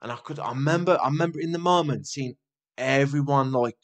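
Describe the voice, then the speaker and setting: A man's voice: mid-range voice, fairly quick. A young man co-hosting a podcast, telling a sweary story in casual chat and speeding up when he gets worked up. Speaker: podcast co-host.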